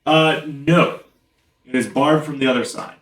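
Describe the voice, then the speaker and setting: A man running a tabletop game as game master, narrating casually with halting pauses and fillers. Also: mid-range voice, a bit bright. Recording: roomy echo, from far off.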